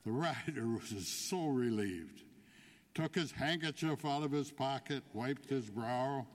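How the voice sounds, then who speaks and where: Man, deacon, homily, slow deliberate delivery, long church echo. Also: medium pitch, expressive. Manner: storytelling, unhurried, builds to punchlines. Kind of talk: homily with a joke.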